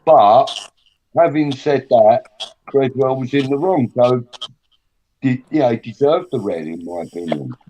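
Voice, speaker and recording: A man's voice: medium pitch, animated, a little slow, muffled recording. A middle-aged man co-hosting a casual live-stream chat, opinionated and emphatic, often repeating himself.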